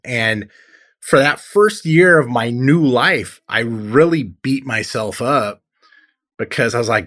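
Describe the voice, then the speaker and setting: Bright-voiced man telling his story. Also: mid-range voice, expressive, unhurried. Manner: earnest storytelling, acts out his own past lines. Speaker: guest, tattoo artist. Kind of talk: personal testimony in an interview.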